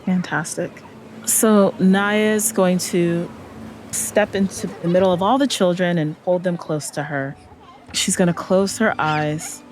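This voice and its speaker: A woman's voice: fairly low pitch, measured pace, slight background noise. A woman player in a tabletop role-playing game, speaking earnestly in and out of character.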